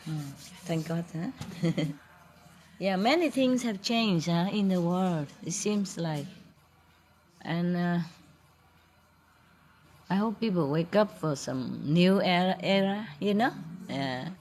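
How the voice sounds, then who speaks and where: A woman, a spiritual teacher, talking casually with her audience in a playful, teasing way and laughing often. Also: fairly low pitch. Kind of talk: informal talk with an audience.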